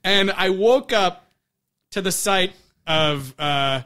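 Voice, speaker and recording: A man with a high, bright voice tells a movie story on a podcast, casual and full of laughter. He acts out the quoted lines with animated energy. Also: takes it slowly. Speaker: podcast co-host. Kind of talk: casual chat about movies.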